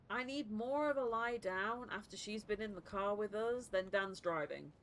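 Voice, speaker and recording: A woman streamer telling stories in casual chat, laughing often and acting out other people. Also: medium pitch. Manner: laughs often, animated storytelling with voiced impressions. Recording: live stream with clear background noise.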